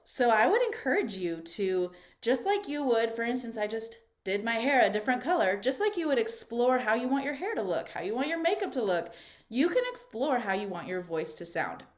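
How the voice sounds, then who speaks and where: Encouraging woman voice coach. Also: a little high. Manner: encouraging, conversational, checks in with "right?". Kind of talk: live online voice workshop.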